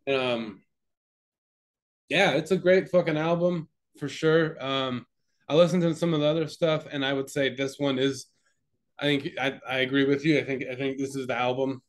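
A man's voice: mid-range voice, steady tone, normal speed. A man co-hosting a podcast in casual chat, laid-back and hesitant, with many ums and restarts. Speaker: podcast co-host.

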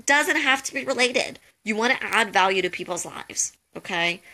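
A woman's voice: medium pitch, expressive, moderate pace, bright, forceful tone. A young woman giving casual advice on a live call, chatty and jokey, full of "um" and "like". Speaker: host of a social media tips call.

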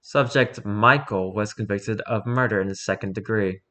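A man reading a horror document aloud in an even, report-like narration. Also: fairly low pitch, moderate pace, few pauses. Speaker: reader.

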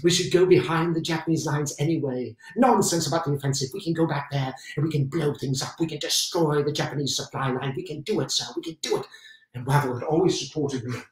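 A zealous, excitable British WWII general , played by a man in a one-man stage show, who hammers his points home by repeating them. His voice sits fairly high, and the theatrical monologue comes from a distant mic in a roomy space. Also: quick pace, close to an everyday voice.

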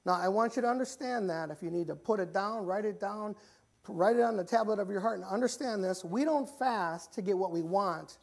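A man preaching a church sermon, often repeating and restarting phrases and rising in pitch and volume when he reaches the pleading passages. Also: a little fast. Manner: grows louder and higher when pleading passages. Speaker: pastor. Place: church sanctuary.

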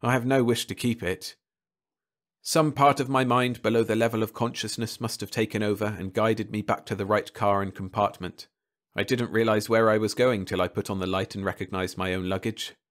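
A man narrating a short story as an audiobook in a calm, steady way. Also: lowish voice, brisk. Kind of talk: scripted narration.

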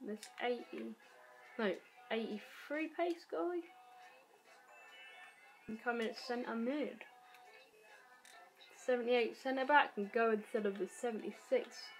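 A woman's voice: on the high side, takes it slowly, long pauses, faint music behind, poor audio. Chatty woman muttering over gameplay. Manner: chatty, self-deprecating, mutters to herself. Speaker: gaming YouTuber. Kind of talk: casual gameplay commentary.

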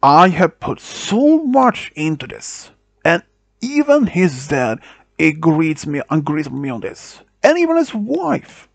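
A man voicing an angry, stern father who speaks slowly and harshly. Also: medium pitch, animated, husky, no room sound.

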